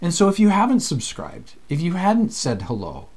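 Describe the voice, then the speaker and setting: A man's voice: high voice, huge pitch swings, normal speed, darkish tone. A man from Canada, a former seminary teacher, co-hosting a casual chat in a playful, talkative way and acting out the voices he quotes.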